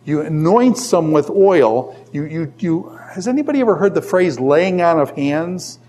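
In a classroom, a middle-aged man gives a lively Bible lecture in a fairly high voice, speaking a little slowly. He asks questions and supplies the answers himself, and he tells stories animatedly with jokes and asides.

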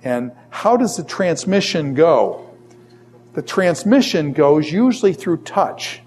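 A man's voice: a little high, takes it slowly. A middle-aged man teaching a Bible class in a classroom. He asks the class questions and answers them himself, and tells stories with jokes and asides. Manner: animated storytelling with jokes and asides. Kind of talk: lively classroom lecture.

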